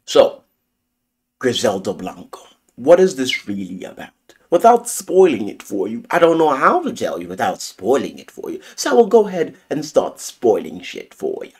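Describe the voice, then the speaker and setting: A man's voice: medium pitch, huge pitch swings, moderate pace, darkish tone, breathy edge. A man giving a casual, theatrical spoiler review of a series, swearing freely as he talks.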